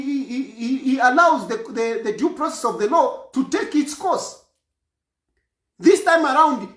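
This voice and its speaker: Man, from Zambia, political statement, emphatic, repeats himself, lively pitch, echoey room. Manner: emphatic, repeats phrases for force.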